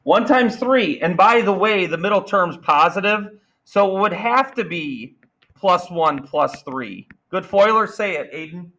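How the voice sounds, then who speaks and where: A man teaching a math class, energetic and playful, firing questions at students. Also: sits high, measured pace, low-quality recording. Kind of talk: classroom lesson.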